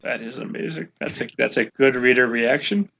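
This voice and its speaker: Gravelly-voiced male podcast host. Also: medium pitch, brisk, a bit bright. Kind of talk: casual interview conversation. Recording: muffled lo-fi remote audio.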